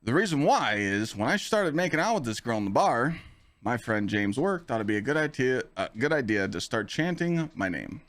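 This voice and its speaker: A man's voice: mid-range voice, moderate pace. A man hosting a podcast, telling a story in a casual, profane way, full of filler phrases. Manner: animated, profane, full of "you know" fillers. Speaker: podcast host and streamer.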